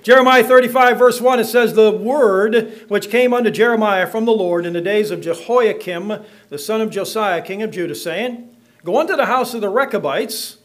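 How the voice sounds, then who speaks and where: A man's voice: high voice, normal speed. A middle-aged man preaching in church, reading scripture and joking with the congregation in a folksy way. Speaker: pastor.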